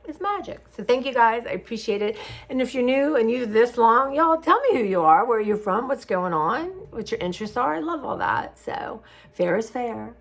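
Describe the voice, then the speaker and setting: Talking to the camera in a rambling, heartfelt way, a middle-aged woman who makes craft vlogs addresses her viewers casually. Her slightly high, expressive voice is creaky and moves at a moderate pace.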